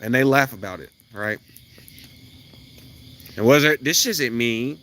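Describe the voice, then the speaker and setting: A man's voice: mid-range voice, animated, unhurried, long pauses, fairly bright tone. A man delivering a blunt, profane, preachy monologue outdoors near his house. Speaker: self-styled spiritual vlogger. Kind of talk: ranting monologue to camera.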